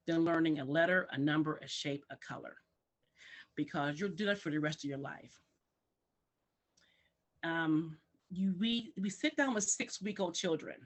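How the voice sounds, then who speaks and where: A woman who works in early childhood education, speaking as a guest on a talk show and acting out parents and children in exaggerated voices. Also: fairly low pitch. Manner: animated, acts out parents and kids in exaggerated voices.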